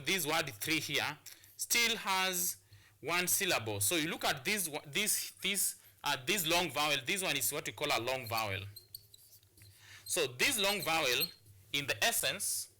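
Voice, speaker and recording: A man's voice: on the high side, animated, unhurried, bright, forceful tone. A man with a Kenyan English accent teaching an English pronunciation lesson, repeating and restarting phrases as he explains to students.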